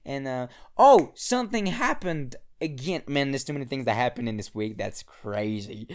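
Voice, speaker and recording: A young man with a medium-pitched, animated voice speaks at a normal speed, hosting his own podcast alone into his own podcast mic. He talks casually from an apartment in the mountains in a rambling, profane way, restarting often.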